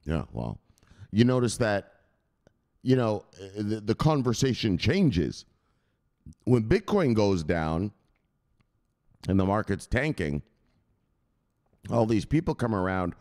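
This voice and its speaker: A man's voice: on the low side, very animated, slow, pauses often, darkish tone. A man hosting a crypto channel, giving a coarse, swearing motivational rant and constantly asking "right?".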